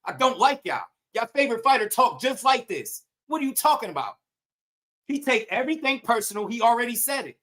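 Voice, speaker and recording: A man with a high, bright voice rants in casual boxing commentary. He talks in loose slang, swears freely and fires off one rhetorical question after another. His tone stays heated and combative throughout. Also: big pitch swings, fairly quick.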